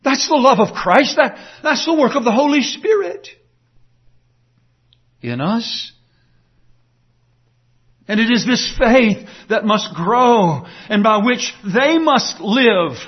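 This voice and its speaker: A man delivers an earnest, emphatic sermon, pressing his listeners with rhetorical questions. His voice sits high for a man and carries a husky edge. The recording sounds dull and muffled. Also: expressive, slow, pauses often. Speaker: pastor.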